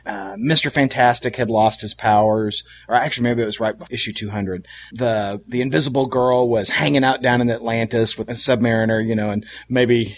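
A man with a husky, slightly breathy voice tells a long story from his childhood in a casual chat. He is animated and laughs easily, and his pitch jumps up when he acts out what people said.

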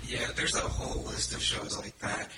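A man co-hosting a podcast, talking in a measured, thoughtful way in casual chat. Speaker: podcast co-host. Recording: loud background noise.

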